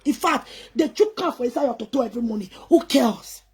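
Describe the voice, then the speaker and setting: A woman's voice: on the high side, animated, quick pace, darkish tone, slightly rough. A woman with a Nigerian Pidgin accent, scolding and ranting defiantly to camera in an emphatic, repetitive way. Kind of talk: angry rant to camera.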